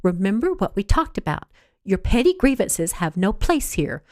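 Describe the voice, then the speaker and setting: A woman's voice: medium pitch, very animated, moderate pace, a little mellow, dry recording, studio quality, natural voice. A woman voicing a stern, motherly older hostess who speaks in a firm, commanding way.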